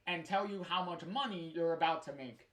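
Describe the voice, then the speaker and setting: A streamer reading out the lines of a brisk, businesslike adult woman art agent in a low, quiet voice, with fillers. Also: natural voice. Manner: reads the lines flatly with fillers. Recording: roomy sound with guitar music.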